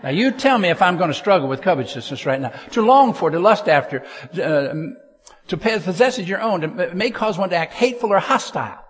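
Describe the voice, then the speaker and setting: Animated preacher man telling a funny story. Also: high voice, a little fast. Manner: animated, gets loud and excited telling the story; jokey asides to the audience. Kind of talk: humorous storytelling sermon.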